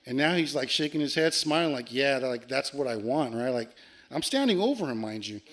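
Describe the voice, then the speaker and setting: Fast-talking man telling a story. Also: medium pitch, slightly rough. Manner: animated, swearing, acts out quoted lines. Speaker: podcast guest. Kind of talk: casual storytelling.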